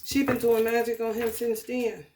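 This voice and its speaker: A woman ranting casually in a spiritual vlog, profane and animated, breaking into laughter. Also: on the high side, moderate pace, echoey room, slight background noise. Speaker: spiritual tarot reader.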